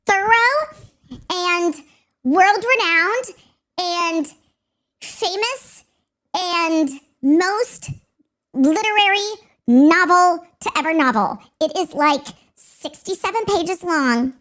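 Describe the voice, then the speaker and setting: Squeaky, dragging parody of a boastful young woman, done by a woman host. Sarcastic, stretched words. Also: lively intonation, fairly bright tone, exaggerated voice. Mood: mocking whiny. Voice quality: high, drawn-out mocking voice.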